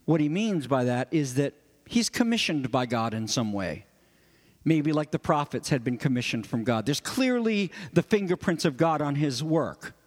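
A man preaching an expository sermon, his voice rising for emphasis and dropping low for quiet asides. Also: lively intonation, moderate pace, long reverb tail. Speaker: pastor.

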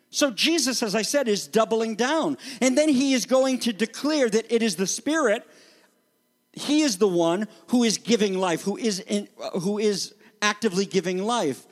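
A man preaching a sermon as pastor, animated and conversational, acting out the voices he quotes. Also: sits high, moderate pace, long reverb tail.

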